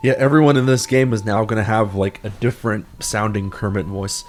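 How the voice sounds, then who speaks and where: A young man streams a game, chatting casually as he rambles, laughs and pokes fun at himself through a desk microphone with auto-tune on. His voice is lowish and steady, a little fast, and faint music plays in the background.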